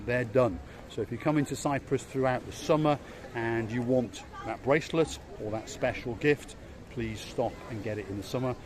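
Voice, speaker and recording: A man's voice: mid-range voice, a little mellow. A man with a Yorkshire accent hosting a walking tour vlog along a seaside promenade, chatty and fond of repeating words for emphasis. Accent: Yorkshire English. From England. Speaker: vlog host. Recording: outdoor street noise.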